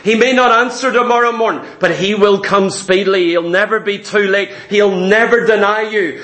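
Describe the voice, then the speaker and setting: A man's voice: high-pitched, moderate pace, few pauses, a bit bright, echoey room. A man preaching a sermon, emphatic and vivid, repeating his key points and telling stories.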